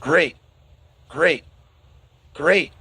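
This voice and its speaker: A man's voice: on the high side, extremely slow, vocal fry, pushed and bright, slightly rough, no echo, pitched above the performer's own voice, heavily acted. A man voicing a huge, stern male weapons instructor who bellows orders. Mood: stern bellowing.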